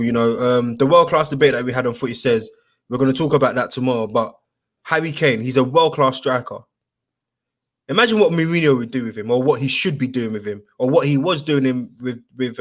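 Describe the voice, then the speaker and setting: A man hosting a casual football chat, telling stories in an animated, slangy way with lots of fillers. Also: mid-range voice, fairly quick.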